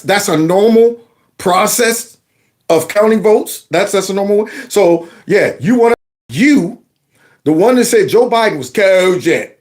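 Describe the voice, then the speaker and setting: A man with a fairly high voice hosts a commentary show and talks back to news clips. He is sarcastic and mocking, firing off rhetorical questions in loose, colloquial speech. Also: a little mellow. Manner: casual colloquial speech with y'all. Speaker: political commentary host.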